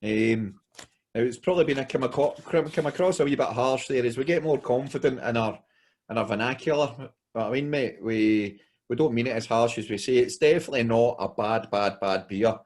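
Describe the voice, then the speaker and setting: A man's voice: mid-range voice, brisk, darkish tone. A Glaswegian man talks through a beer tasting at an easy, conversational pace. He is laid-back and friendly in manner, using "mate" and "aye" constantly. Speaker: podcast co-host. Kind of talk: casual beer review chat.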